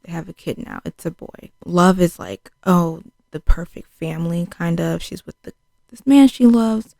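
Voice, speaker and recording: Young woman, casual TV review vlogger, gravelly low voice, talky and loose with "like" fillers. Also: animated, normal speed, warm tone, dry recording. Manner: chatty, fills speech with "like", acts out quotes. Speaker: TV show reviewer. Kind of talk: casual spoken show recap.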